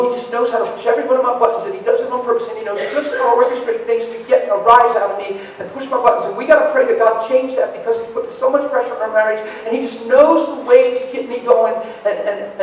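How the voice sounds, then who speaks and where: A man's voice: very high-pitched, fairly even intonation, a little hiss or hum. Man doing a flustered, pleading wife. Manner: rushed, pleading, stammering. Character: frustrated wife complaining about her husband. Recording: echoey hall from far off.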